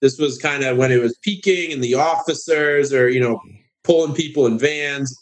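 A man telling a long story on a casual podcast, sarcastic and animated, jumping into high voices to mimic other people. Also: normal speed. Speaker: guest.

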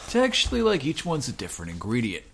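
A man's voice: medium pitch, wildly swooping pitch, fast, creaky, fairly bright tone, slight background noise. A man co-hosting a podcast, chatting casually in a rambling, jokey way and trying out metaphors that don't quite land. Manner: rambling, jokey, free with half-working metaphors. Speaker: podcast co-host. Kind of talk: casual chat.

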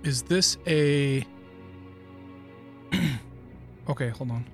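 A man guessing cards on a casual stream, talking in halting starts and cracking jokes. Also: mid-range voice, faint music behind. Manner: halting, joking. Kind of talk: casual live-stream chat.

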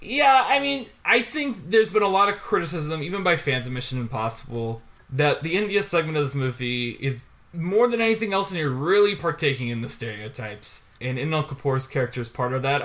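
A man's voice: on the high side, fairly quick, few pauses. A man co-hosting a podcast, chatting casually and rambling with frequent laughter. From Chicago area. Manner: rambling, animated, laughs often. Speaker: podcast co-host. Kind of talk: casual chat.

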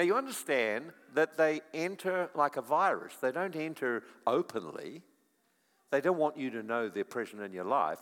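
A middle-aged man preaching a sermon, telling stories and swinging from quiet to loud. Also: mid-range voice. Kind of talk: sermon with storytelling. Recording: long echo of a large hall.

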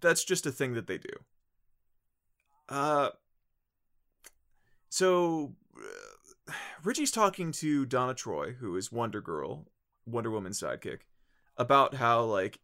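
A man's voice: mid-range voice, huge pitch swings, slow pace, gravelly, pauses often, pushed and bright. A man co-hosting a casual podcast, recapping a show in a rambling way with lots of fillers and restarts. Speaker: podcast co-host.

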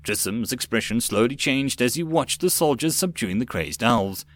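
A man reading a web novel audiobook in a steady narrating voice. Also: mid-range voice, normal speed.

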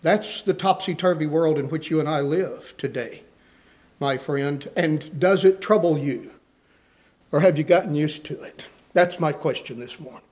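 A man's voice: fairly high pitch, normal speed, darkish tone. A man preaching a sermon, earnestly reading scripture aloud and putting questions to his listeners.

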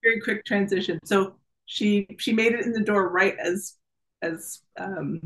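Lively woman telling a personal story. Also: medium pitch, measured pace, poor audio. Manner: animated, laughs often, acts out quoted voices. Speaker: guest. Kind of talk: casual storytelling in an interview.

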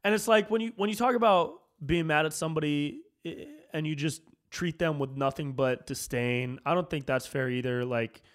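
Profane, rambling comedian ranting. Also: male voice, on the high side, normal speed, few pauses, clean tone. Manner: loose and profane, peppered with "dude", jumps between mumbling and fired-up. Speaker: comedian and podcast host. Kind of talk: casual ranting monologue.

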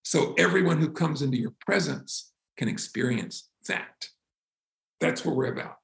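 A man teaching a spiritual practice and guiding listeners through yawns, stretches and breathing, earnest and slowing down to stress words. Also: a little high, gravelly. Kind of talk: teaching talk and guided relaxation. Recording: roomy echo.

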